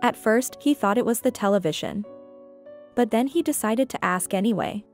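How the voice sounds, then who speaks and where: A woman narrates a scripted story in a measured, steady read. Her voice sits a little on the high side. Faint music plays underneath.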